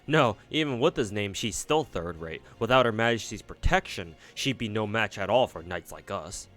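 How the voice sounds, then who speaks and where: A man's voice: fairly low pitch, fairly bright tone, natural voice. A man voicing a smug male fairy knight who mocks and gossips, reading aloud from a game.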